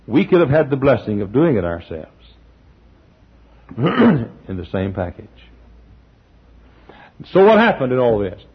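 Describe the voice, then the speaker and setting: Male pastor, sermon, church, storytelling, clears throat often, gravelly husky voice, dull lo-fi recording. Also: medium pitch. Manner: storytelling, acting out quotes, frequent throat clearing.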